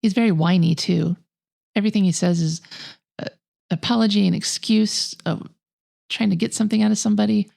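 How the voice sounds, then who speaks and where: Gravelly-voiced woman reviewing films bluntly. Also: mid-range voice, a little fast, a little mellow. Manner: blunt, scathing criticism. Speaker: podcast co-host. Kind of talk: casual film review chat.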